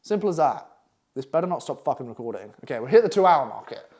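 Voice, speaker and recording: A young man lectures on copywriting with a blunt, foul-mouthed swagger. His pitch swings widely as he acts out clients in quick asides. It sounds like casual, unscripted coaching talk. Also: very animated, a little mellow. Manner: crude, blunt and swearing constantly, acting out clients in quick asides. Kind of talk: profane casual masterclass talk.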